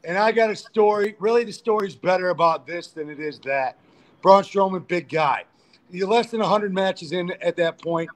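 A man's voice: high voice, moderate pace. A man, a pro wrestler guest, telling crude, profane backstage stories in a casual interview. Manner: profane, animated storyteller.

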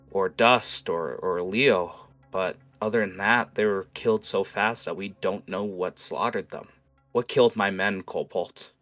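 A man's voice: low voice, fairly bright tone. A game master voicing a weary, grim male city guard captain, blunt and worn down.

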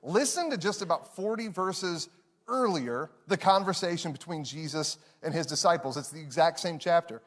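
Animated high-voiced man preaching a sermon. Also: moderate pace, big-room sound. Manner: animated, emphatic, repeats key phrases. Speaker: pastor.

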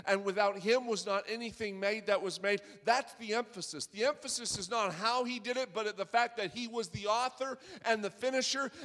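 A man's voice: high voice, fairly bright tone, big-room sound. A man preaching a sermon in a conversational way that builds to fervent crescendos. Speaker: pastor.

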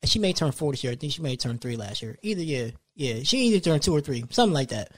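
A man's voice: a little high, fast. A young man chats casually as a podcast host. He tells stories with a lot of animation and jumps into other people's voices when he quotes them. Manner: animated storytelling, acts out quoted lines. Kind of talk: casual chat.

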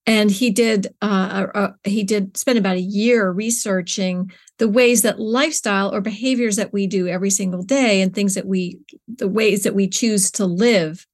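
With medium pitch, fairly even intonation, and normal speed, a middle-aged woman speaks as an interview guest in a conversational format. She's a nonprofit co-founder whose earnest, searching manner includes frequent filler-led restarts of her sentences.

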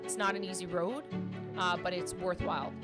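A woman in her thirties hosting a podcast, talking loudly and passionately in casual chat. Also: lowish voice, normal speed, loud music behind the voice. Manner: loud, passionate, animated. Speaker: podcast host.

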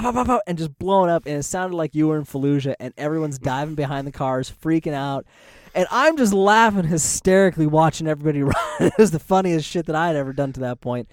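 A man's voice: fairly high pitch, no room sound, studio quality. A man co-hosting a podcast, telling a story in casual chat, laughing often and swearing freely. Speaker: podcast co-host.

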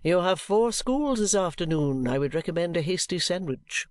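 A narrator voicing a vain, pompous elderly gentleman who speaks in grand, theatrical phrases and wallows in self-pity. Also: medium pitch, lively intonation, normal speed, dry recording, natural voice. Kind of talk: audiobook character reading.

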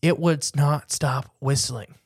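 A man co-hosting a casual podcast, rambling and joking, slowing down to stress details. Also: a little high, steady tone, breathy edge, dry recording, clean studio sound. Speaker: podcast co-host.

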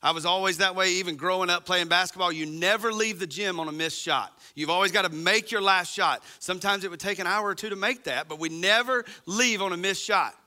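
A man's voice: sits high, brisk, hardly any pauses, sharp tone. A man preaching a sermon as pastor, talking conversationally and straight to his congregation.

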